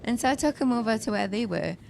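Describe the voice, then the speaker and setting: Gravelly woman chatting while she plays. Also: fairly high pitch, lively intonation, fast, background noise. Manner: chatty storytelling with fillers and restarts. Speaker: streamer playing a modded survival game. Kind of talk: casual chat while gaming. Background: game music.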